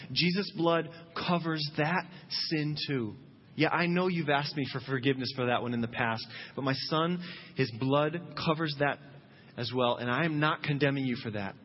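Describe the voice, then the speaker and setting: A man's voice: mid-range voice, normal speed. A man preaching a sermon as pastor, earnest and imploring, rising to fervent calls. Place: church sanctuary. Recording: muffled sound in a long-reverb hall.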